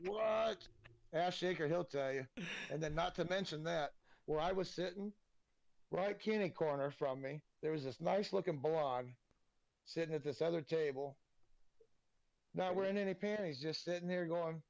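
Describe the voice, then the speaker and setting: A man, a podcast guest telling casual, animated stories and swearing freely. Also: fairly high pitch, moderate pace, creaky, no room sound, highs cut off. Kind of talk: casual storytelling.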